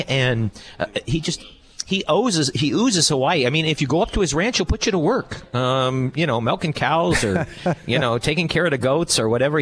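A man's voice: fairly high pitch, a little hiss or hum. A man co-hosting a travel radio show, telling stories with enthusiasm and jokes. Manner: enthusiastic, joking storyteller. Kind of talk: radio chat.

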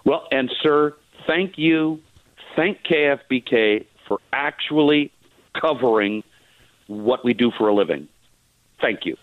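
A man's voice: mid-range voice, lively intonation, dry recording. A man calls in to a radio show over a tinny phone line, his voice sitting in an ordinary middle range. He halts often, stacking fillers and restarting his sentences. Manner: halting, many fillers and restarts. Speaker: theater producer guest.

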